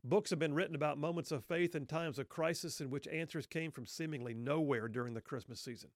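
A middle-aged man telling a story earnestly, with rhetorical questions and pauses. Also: on the high side, no echo, studio quality. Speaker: speaker telling a Christmas story. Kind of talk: reflective spoken storytelling.

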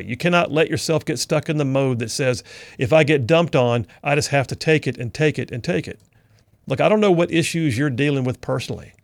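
A man's voice: medium pitch, vocal fry, no room sound. A middle-aged man hosting a talk radio show, telling an army story in an earnest, folksy way that turns preacher-like. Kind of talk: storytelling commentary.

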